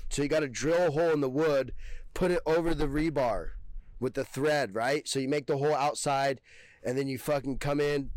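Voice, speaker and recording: A man's voice: mid-range voice, dry recording. A young man telling stories casually as a podcast guest, rambling with heavy slang and swearing. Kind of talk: casual storytelling.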